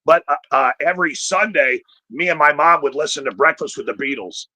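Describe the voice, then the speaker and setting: A man's voice: fairly high pitch, brisk, pushed and bright, dry recording. A middle-aged man telling a profane, rambling stand-up story full of fillers. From Chicago area. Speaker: stand-up comedian.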